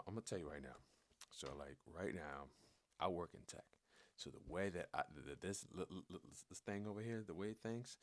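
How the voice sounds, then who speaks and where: A man's voice: low-pitched, dry recording. A man talking candidly in a personal vlog, rambling and swearing, with frequent stammering restarts. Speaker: vlogger.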